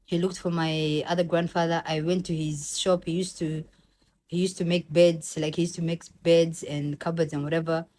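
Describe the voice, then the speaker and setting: A young woman from Somalia, telling a personal story in a casual, animated vlog and acting out the other people's voices. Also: sits low, normal speed, slight background noise. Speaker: vlogger.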